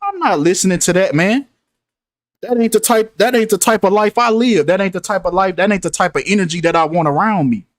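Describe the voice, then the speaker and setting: A man's voice: high-pitched, a little fast, no echo. Man preaching over close dry mic. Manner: preachy, repeats himself for emphasis. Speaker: host. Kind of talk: casual commentary.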